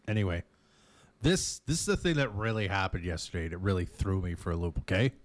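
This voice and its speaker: A male morning radio host with a lowish voice that swings widely as he tells a story. He chats casually and animatedly. The studio mic sound is close and dry. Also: big pitch swings, fast talker, no room sound. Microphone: studio microphone.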